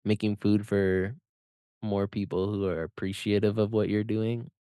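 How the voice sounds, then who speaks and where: A man who is a podcast guest, answering questions about his fast-food job in a measured, casual way. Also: lowish voice, little pitch movement, mellow, clear, resonant tone, no room sound, clean studio sound.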